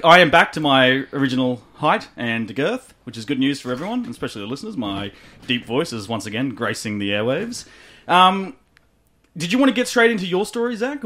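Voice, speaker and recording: Bright, lively Australian radio host. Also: male voice, mid-range voice. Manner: playful, hammy, laughs often. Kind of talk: comedic radio banter.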